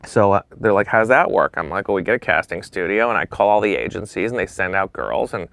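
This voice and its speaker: A man's voice: sits low, quick pace, gravelly. A man guest on a talk show, telling stories casually and acting out the other people in them. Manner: animated, acts out quoted voices; casual, swears freely. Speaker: interview guest. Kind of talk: storytelling anecdotes.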